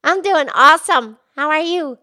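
A woman's voice: sits high, expressive, moderate pace, pushed and bright, dry recording, studio quality. A woman voicing a cheerful, enthusiastic pig who hosts a children's educational show. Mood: upbeat. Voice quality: bubbly, enthusiastic. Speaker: show host.

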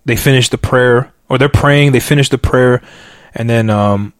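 A man telling his personal faith testimony as a podcast guest, in an animated, storytelling way with many fillers, and by his own account a loud talker. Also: mid-range voice, normal speed, clear, resonant tone, no echo. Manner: self-described loud talker.

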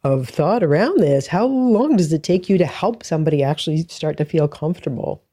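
Very dark-voiced interviewer. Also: mid-range voice, expressive, a little fast. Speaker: podcast interviewer. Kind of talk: interview conversation.

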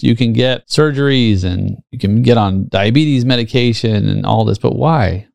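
Gravelly earnest man in his fifties. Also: medium pitch, darkish tone, no room sound, clean studio sound. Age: 50s. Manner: earnest, personal storytelling with rhetorical questions. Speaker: podcast host. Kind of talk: solo leadership podcast monologue.

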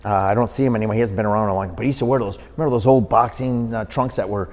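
A man's voice: fairly low pitch, very fast, in a large hall. A middle-aged man from Wisconsin, a boxing referee and podcast guest, telling a long story and acting out the people he quotes. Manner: lively storyteller who acts out the people he quotes. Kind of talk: storytelling in an interview.

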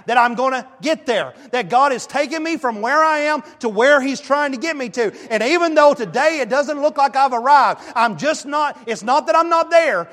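A male pastor preaching a sermon and telling a story in a lively, emphatic way. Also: very high voice, big-room sound. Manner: animated storytelling, emphatic rises. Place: church sanctuary.

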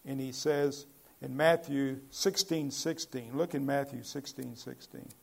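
A man's voice: medium pitch, fairly even intonation, a little slow, vocal fry, slightly rough. A man preaching a Bible-teaching sermon in a conversational way, asking his listeners questions and building to emphatic points.

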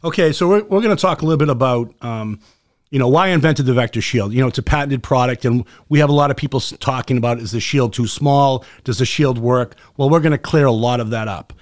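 Fast-talking Boston man. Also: medium pitch, no room sound, studio quality. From Boston area. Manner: fast, passionate, with many fillers and restarts. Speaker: host. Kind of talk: casual podcast talk.

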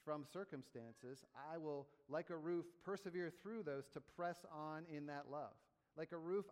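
A man preaching a sermon, moving between explaining and building emphatic repeated phrases. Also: fairly high pitch. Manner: emphatic rhythmic preaching with teaching asides. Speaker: pastor. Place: church sanctuary. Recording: long reverb of a church hall.

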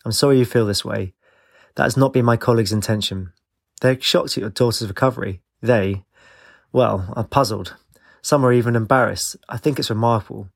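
A man's voice: mid-range voice, a little fast, vocal fry, no room sound, studio quality. A man reading a story, voicing a polite, conciliatory young male doctor. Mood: reassuring.

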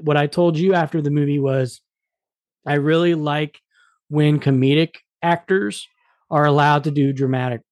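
A man's voice: on the high side, no echo. A man hosting a casual movie review chat, talking with enthusiasm and often repeating words as he goes. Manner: enthusiastic, frequent word repeats. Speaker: podcast host.

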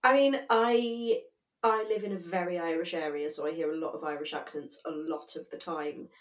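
A woman's voice: fairly low pitch, steady tone, moderate pace. Woman chatting in an echoey room. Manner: laughing, chatty, candid. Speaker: podcast co-host. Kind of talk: casual chat. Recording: roomy echo.

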